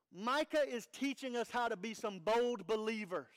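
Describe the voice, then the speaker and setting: A man's voice: extremely high pitch, moderate pace. A man preaching an earnest, conversational sermon as pastor, with rhetorical questions to the congregation.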